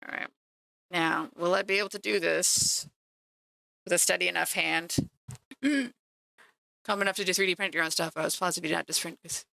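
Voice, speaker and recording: A woman's voice: fairly low pitch, moderate pace, vocal fry, pauses often, sharp tone, dry recording. A woman streaming live while painting miniatures, chatting to viewers in a self-mocking way. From Canada. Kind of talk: casual livestream chat.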